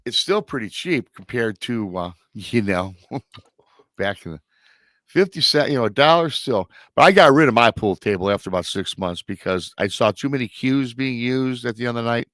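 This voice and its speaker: A man's voice: medium pitch, expressive, moderate pace, a bit bright, no echo, studio quality. A man from Michigan hosting a live talk show, chatty and prone to restarts. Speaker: show host. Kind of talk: casual live-show chat.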